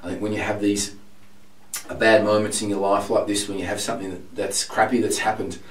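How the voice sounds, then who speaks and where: A man teaching singing while hoarse and sick with laryngitis, explaining frankly with many filler ums. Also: on the low side, flat delivery, a little fast, roomy sound, distant mic, poor audio. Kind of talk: vocal lesson demonstration.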